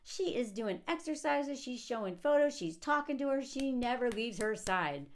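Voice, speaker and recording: A woman with a fairly high voice rants her way through a casual film commentary at a normal speed. Sarcastic and animated, she often laughs mid-sentence and acts out the characters' lines.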